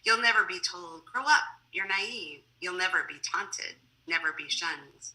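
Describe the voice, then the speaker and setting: Sharp-voiced woman poet reading aloud. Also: fairly low pitch, lively intonation, poor audio. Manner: measured, deliberate reading; chatty and laughing between poems. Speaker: poet reading her work. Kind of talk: poetry reading with casual asides. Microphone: video call.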